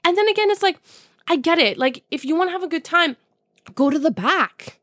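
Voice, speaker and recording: High-voiced young woman ranting casually. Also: fairly quick, no room sound, studio quality. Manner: animated, profane, laughs often; mixes in Persian words. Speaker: podcast host. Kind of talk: casual storytelling monologue.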